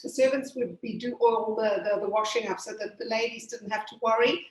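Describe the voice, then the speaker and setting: Chatty pastry chef woman, higher voice. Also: steady tone, fairly quick, a little hiss or hum. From Zimbabwe. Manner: chatty, explains step by step with many fillers. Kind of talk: cooking demonstration with chat. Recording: echoey room.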